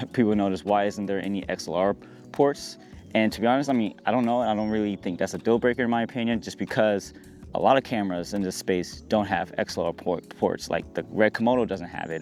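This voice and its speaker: A man hosting a casual walk-and-talk vlog outdoors on a hillside. He sounds slightly out of breath and talks in a relaxed, chatty way, laughing often. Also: lowish voice. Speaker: camera channel host.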